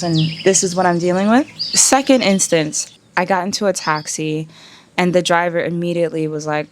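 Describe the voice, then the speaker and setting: A woman in a casual vlog, telling her story in an animated, indignant way and swearing freely. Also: lowish voice, fairly quick, slight background noise. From United States. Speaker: travel vlogger.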